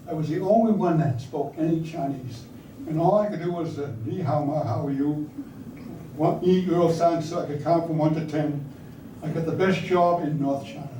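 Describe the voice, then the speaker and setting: A man's voice: a little high, mellow, slight background noise. An older man telling anecdotes to an audience in a conversational way, sometimes asking the listeners questions. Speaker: speaker recounting wartime service. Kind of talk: storytelling talk to an audience. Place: hall or meeting room with audience. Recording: echoey room, speaker far from mic.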